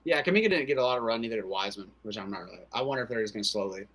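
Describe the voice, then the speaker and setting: A man co-commentating in casual sports chat with joking, animated banter. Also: fairly low pitch, very fast.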